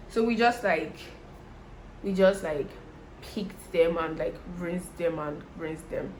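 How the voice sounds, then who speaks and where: Doing her make-up on camera, a young woman from Nigeria with a Nigerian accent and medium-pitched voice tells viewers a story, talking to them directly in a chatty, animated way. Slight background noise is present.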